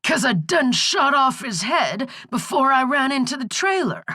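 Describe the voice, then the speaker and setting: A croaking, high old crone, cantankerous and folksy, with a strained quality. She is hard of hearing and speaks in a lively, swooping sing-song. The voice sits far above the narrator's own. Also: unhurried, no echo, studio quality, exaggerated voice. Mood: cranky. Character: hard-of-hearing old country woman, prank caller.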